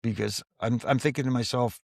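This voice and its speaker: Ex-referee guest, male, gravel in the voice, dry close sound, spins anecdotes with acted-out dialogue. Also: mid-range voice, fairly even intonation, a little fast, darkish tone, no echo. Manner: storyteller who acts out quoted dialogue in his tales. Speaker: former wrestling referee, interview guest. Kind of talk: casual anecdotal storytelling.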